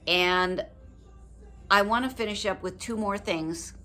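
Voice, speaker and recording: Gentle older woman, reflective vlog. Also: mid-range voice, measured pace. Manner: reflective, gentle, earnest and emotional. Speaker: widow sharing advice with her viewers. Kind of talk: personal heartfelt vlog talk.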